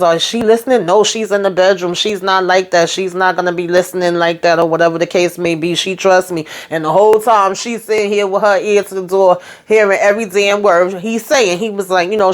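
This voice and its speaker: A woman, casually recapping a TV episode and acting out the characters' lines, with frequent asides like "okay?" and "you know.". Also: mid-range voice. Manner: animated, retells scenes acting out the characters' lines. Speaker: YouTube show recapper.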